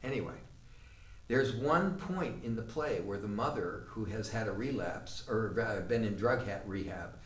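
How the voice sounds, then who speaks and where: A man's voice: lowish voice, expressive, moderate pace. A man telling a theatre story in a rambling, profane way, often restarting his sentences. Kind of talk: storytelling monologue. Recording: roomy, mic far off, faint room ambience.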